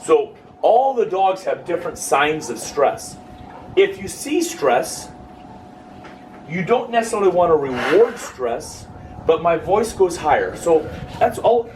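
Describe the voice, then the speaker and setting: A man with a fairly high, sing-song, slightly mellow voice takes his time leading a dog-training workshop. Jokey and informal, he acts out quoted speech for the listeners present. The recording places him at a distance with clear background noise.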